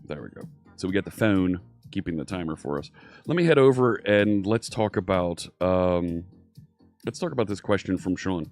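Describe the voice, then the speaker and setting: Low-sitting and darkish in tone, his voice is expressive and runs at normal speed. A man from Philadelphia, USA, with a slight Philadelphia accent, he greets viewers by name while teaching programming in an upbeat, laid-back live-stream chat from a home studio, faint synthwave in the background.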